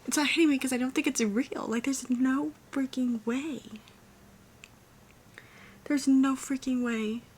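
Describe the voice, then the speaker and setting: A young woman vlogging her reactions to a fantasy series, excitable and often dropping to a whisper. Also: high voice, unhurried, pauses often, breathy edge. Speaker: book vlogger. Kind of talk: casual reading reactions. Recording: faint background noise.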